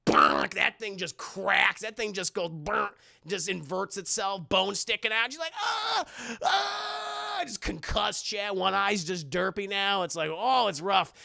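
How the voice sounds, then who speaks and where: A man recapping a movie for his live chat, excitable and profane, laughing as he goes. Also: sits high, unhurried, vocal fry, no room sound, clean studio sound. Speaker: streamer reviewing a movie.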